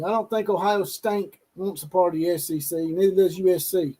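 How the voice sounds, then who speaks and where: A man's voice: high voice, fairly even intonation, a little fast, hardly any pauses, mellow, poor audio. A man hosting a casual sports talk stream, teasing and trash-talking with a laugh. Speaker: show host.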